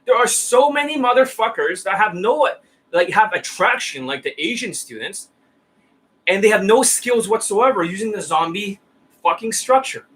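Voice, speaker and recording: A man's voice: high-pitched, expressive, normal speed, fairly bright tone, rough recording. A man coaching dating skills in a profane, scornful rant, insulting his listeners and checking "right?" and "you see that?" again and again. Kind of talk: ranting coaching monologue.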